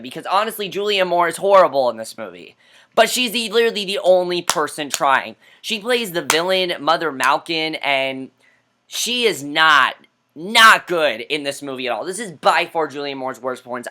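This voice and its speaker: Bright-voiced man ranting about a film. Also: on the high side. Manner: exasperated, blunt and profane. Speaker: film reviewer.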